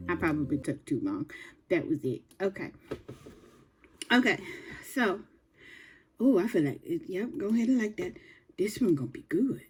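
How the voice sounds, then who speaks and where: A woman hosting a reaction video, chatting to herself and reading text aloud slowly. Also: lowish voice, very animated, darkish tone, husky, faint music behind. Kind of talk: casual reaction commentary.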